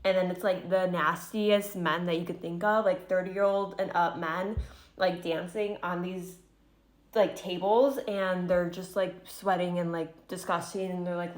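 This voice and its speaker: A woman's voice: on the low side, a bit bright. A woman telling a casual dating anecdote in a chatty way, full of "like".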